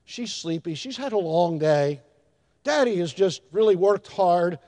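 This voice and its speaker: A man voicing an imagined polite little infant who speaks softly and gently, heard with long hall reverb. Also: high-pitched, expressive, unhurried. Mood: gentle hush. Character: polite patient little infant, sweet and selfless.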